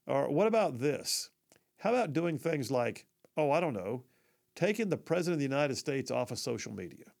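Gravelly, folksy talk radio host. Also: male voice, medium pitch, sing-song, normal speed, darkish tone. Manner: folksy, emphatic, sarcastic asides. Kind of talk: conservative talk radio monologue.

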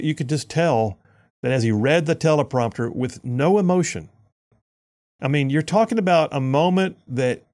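Gravelly radio talk guy, sarcastic, ranting and repeating himself. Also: mid-range voice. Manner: animated, repetitive, sarcastic. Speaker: conservative radio talk show host. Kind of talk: opinionated talk radio monologue.

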